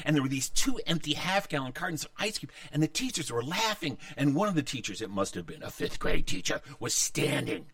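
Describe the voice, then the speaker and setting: Lively, bright-voiced male storyteller. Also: a little high, gravelly, no room sound, distant mic. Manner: animated, acts out voices of others. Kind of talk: told childhood story.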